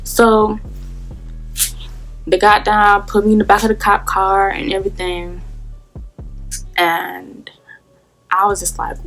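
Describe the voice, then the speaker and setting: A woman's voice: medium pitch, level tone, slow, vocal fry, long pauses, a bit bright, faint music behind. Profane young woman telling a story. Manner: rambling, profane, fillers like "whatever". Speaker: vlogger. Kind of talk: casual storytime.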